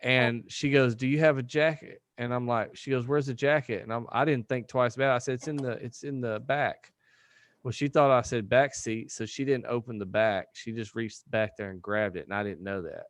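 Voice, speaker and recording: A man on a podcast tells an animated story and acts out each line of the dialogue. His voice is smooth and resonant, and it sounds close and dry with no room around it. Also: medium pitch, moderate pace, no room sound. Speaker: podcast guest. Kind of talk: casual storytelling chat.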